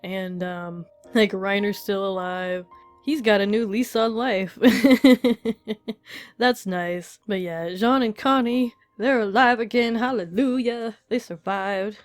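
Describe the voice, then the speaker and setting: A woman's voice: mid-range voice, takes it slowly, no room sound, soft background music. A woman giving a casual, emotional spoken review of a manga chapter, laughing often and gushing, with many fillers. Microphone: desk mic while reading.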